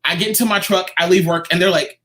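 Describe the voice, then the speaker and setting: A man, a guest artist in an interview, telling a personal story in a lively, casual way. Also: sits high, fast talker. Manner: animated, acts out quoted voices.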